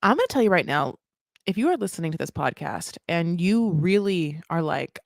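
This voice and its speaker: A woman's voice: on the low side, normal speed, creaky, dry recording, studio quality. A woman co-hosting a podcast, casually recapping a reality show and acting out the people's lines as she goes. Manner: animated retelling with acted-out quotes. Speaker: podcast co-host.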